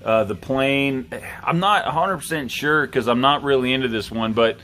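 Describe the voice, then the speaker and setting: A man's voice: medium pitch, normal speed, pushed and bright. A tipsy man hosting a knife review vlog, rambling casually with plenty of swearing and self-mocking jokes.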